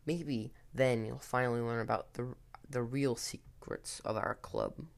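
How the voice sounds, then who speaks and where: A man reading a spooky story, voicing a sly, menacing teenage boy who taunts in a hushed, half-whispered voice. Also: mid-range voice, fairly even intonation, a little slow, vocal fry.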